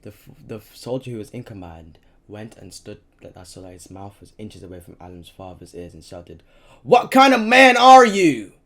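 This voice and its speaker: Man, low voice, reading a novel aloud, halting, stumbles and restarts. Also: fairly even intonation, warm tone. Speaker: reader.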